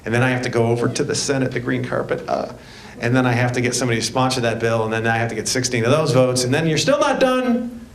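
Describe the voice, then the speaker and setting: A man's voice: little pitch movement, very fast, gravelly. A man, a state representative giving a folksy, joking speech at a public meeting. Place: school board meeting room. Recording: echoey room, faint rumble.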